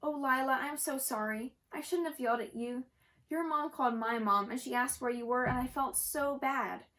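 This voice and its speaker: An earnest young girl, kind and eager, speaks in a slightly high voice, as a woman reading a storybook puts her on. She sounds sincere and a little breathless with enthusiasm. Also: moderate pace, a bit bright. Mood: apologetic.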